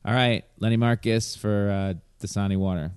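A man with a New York accent, a voice actor hosting a casual chat and telling animated stories with acted-out quotes. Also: lowish voice, normal speed, clear, resonant tone, no room sound, clean studio sound. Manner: animated storyteller acting out quotes. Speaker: podcast host.

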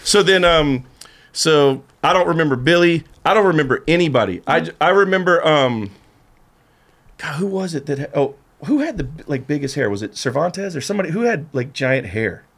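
A man's voice: fairly high pitch, expressive, moderate pace, fairly bright tone. A man guest on a podcast, telling a rambling story in casual chat and acting out what others said. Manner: rambling storyteller who acts out the other voices.

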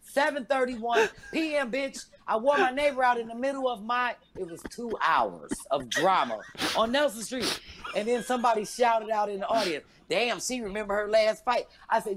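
A woman in her fifties, a stand-up comedian, telling a story in a loud, profane, animated way and acting out every quote. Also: normal speed, a crowd in the background. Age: 50s. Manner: loud, profane, acts out quotes with big pitch jumps.

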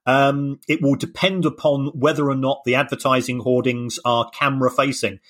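A man's voice: mid-range voice, steady tone, moderate pace, fairly bright tone. Man explaining, stumbling over repeats. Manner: hesitant, repeats words as he explains. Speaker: podcast co-host, finance analyst. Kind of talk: casual podcast explanation.

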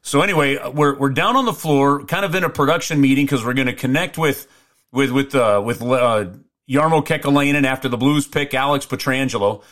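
A man co-hosting a podcast, telling rambling stories in a lively way, full of restarts and asides. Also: medium pitch, brisk. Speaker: podcast co-host, hockey play-by-play announcer. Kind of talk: casual storytelling.

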